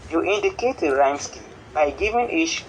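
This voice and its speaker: A man with a Nigerian English accent teaching a school lesson on poetry in a steady, explanatory way. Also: a little high, moderate pace, rough recording. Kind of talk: classroom lesson on television.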